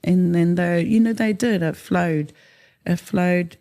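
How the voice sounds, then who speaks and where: A woman's voice: fairly low pitch, slow, creaky, mellow. A woman, a guest in a casual interview, talking in a rambling way with many fillers and Māori words mixed in. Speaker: interview guest, haka performer.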